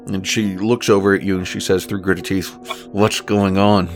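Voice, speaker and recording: A man's voice: low-pitched, steady tone, brisk, soft background music. A man running a tabletop game as game master, narrating scenes and calling for rolls in an easygoing way with frequent ums.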